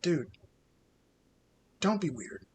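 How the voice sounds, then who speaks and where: A man voicing a wary young male friend who speaks quietly and hesitantly. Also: a little high, animated, drawn-out words, husky, exaggerated voice. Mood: uneasy.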